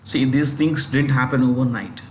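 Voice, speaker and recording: A man's voice: mid-range voice, fairly even intonation, normal speed, a little mellow. Indian guy teaching exam prep, keeps repeating stuff, roomy echo, bit of hiss. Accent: Indian English. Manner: repetitive, restarts phrases, checks in with "got it?". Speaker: current affairs teacher. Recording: echoey room with faint noise.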